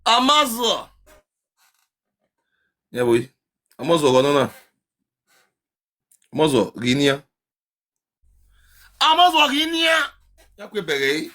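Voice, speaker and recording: A man with a Nigerian accent chatting on a live stream, chanting sing-song calls and swinging between loud shouts and low mutters. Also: very animated, slow, long pauses. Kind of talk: casual live-stream chat to viewers.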